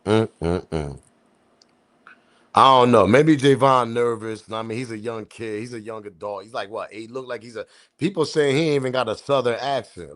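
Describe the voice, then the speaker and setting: A man's voice: medium pitch, normal speed, a bit bright. A man from the US East Coast with his accent, hosting a casual live-stream commentary with slangy, loose talk and chuckling asides to his chat. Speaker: commentary channel host.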